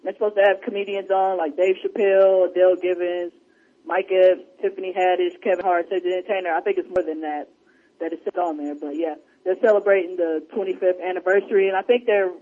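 Guy cohosting a podcast, high-ish voice, dull lo-fi recording. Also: fast talker. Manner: animated storyteller, acts out quotes in a higher voice. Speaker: podcast co-host. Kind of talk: casual chat. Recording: dull lo-fi sound.

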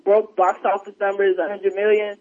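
A man on a podcast in casual chat, telling stories with lots of energy and acting out what people said. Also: moderate pace. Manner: animated storyteller, acts out quotes in a higher voice. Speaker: podcast co-host. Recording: dull lo-fi sound.

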